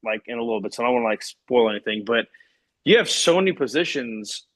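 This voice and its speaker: A man's voice: medium pitch, expressive, fast talker, a bit bright. A man from co-hosting a live sports show, talking in a profane, ranting way. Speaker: podcast co-host. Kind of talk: casual sports talk.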